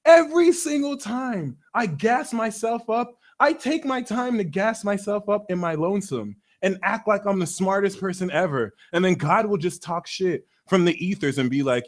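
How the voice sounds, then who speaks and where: A man hosting a live astrology stream, ranting theatrically and profanely, swinging from mumbles to loud outbursts. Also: high voice, lively intonation, normal speed. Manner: profane, slangy. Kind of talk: animated rant on a live stream.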